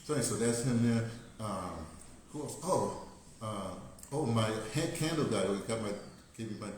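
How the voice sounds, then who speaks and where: With a lowish, darkish voice and lively intonation, an older man from the United States vlogs at a moderate pace. His talk is a rambling, casual monologue marked by digressions, frequent laughter and many restarts. The very echoey room has a little hiss or hum.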